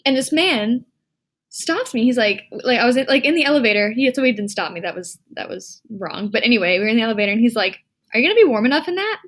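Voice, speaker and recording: A woman's voice: fairly high pitch, quick pace. A young woman from Michigan co-hosting a podcast, chatting casually and acting out what people said to her. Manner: chatty, animated storyteller who acts out quotes. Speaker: podcast co-host. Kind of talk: casual chat.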